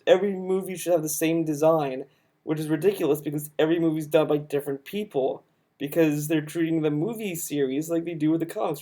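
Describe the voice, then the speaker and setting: A man on a live stream pushing back hard against a video he is reacting to. His voice is mellow and dark rather than bright, and he argues emphatically, cutting in to rebut the clip. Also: a little high. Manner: argumentative, emphatic, interrupts the video. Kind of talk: heated reaction commentary.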